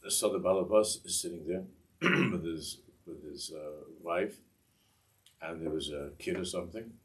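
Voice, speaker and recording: A Torah teacher with a very low voice tells a class a Hasidic story, rambling and halting, constantly restarting sentences and drifting into asides. He sits well back from a distant mic, and there's background noise.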